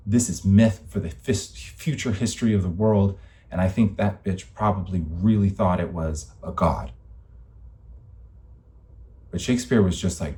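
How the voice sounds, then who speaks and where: A young man talks straight to the camera in a rambling, impassioned monologue, his voice sitting somewhat low. He speaks emphatically, drifts from point to point and swears freely as his frustration builds. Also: warm tone. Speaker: vlogger.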